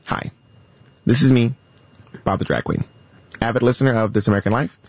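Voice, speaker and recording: A man's voice: mid-range voice, brisk, darkish tone, dry recording. A man guest in casual chat, playful and joking, who laughs often. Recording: dull lo-fi broadcast audio.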